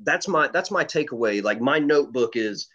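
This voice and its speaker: A man's voice: medium pitch, lively intonation, moderate pace, a bit bright. Rambling man telling stories, lo-fi audio. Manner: rambling storytelling with swearing and fillers. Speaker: competitive shooter guest. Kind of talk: casual podcast chat. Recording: dull lo-fi audio.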